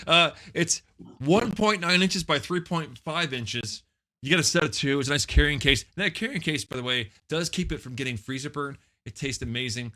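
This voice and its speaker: A man's voice: fairly high pitch, lively intonation, moderate pace, pushed and bright. A man co-hosting a comedic talk show, delivering crude jokes and mock ad reads. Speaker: co-host.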